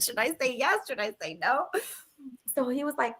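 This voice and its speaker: A woman's voice: fairly high pitch, very animated, brisk, a bit bright. A woman in her thirties, co-hosting a podcast, telling a personal story in a casual way, acting out quoted dialogue and laughing now and then. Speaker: podcast co-host.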